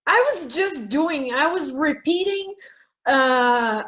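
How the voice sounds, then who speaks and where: Slow, high-voiced woman talking frankly. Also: lively intonation, a bit bright, poor audio. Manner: frank and profane, searching, self-questioning. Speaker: self-help vlogger. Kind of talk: raw Facebook Live monologue.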